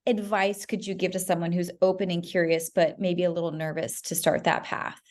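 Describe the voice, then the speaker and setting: A woman's voice: on the low side, little pitch movement, fairly quick, darkish tone. A woman hosting a podcast, asking long, winding questions with enthusiasm. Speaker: podcast host. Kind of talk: interview questions.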